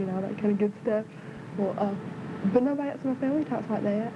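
A woman from the Southern US with a Southern accent, chatty and fast-talking, casually telling a joke. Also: mid-range voice, steady tone. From Southern United States. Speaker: storyteller. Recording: muffled, loud vehicle noise.

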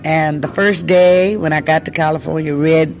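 Older lady singer telling old stories, does the voices when she quotes folks, soft music way in the back. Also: sits low, moderate pace. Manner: animated storyteller who acts out quoted voices. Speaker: interviewee, singer. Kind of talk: casual storytelling.

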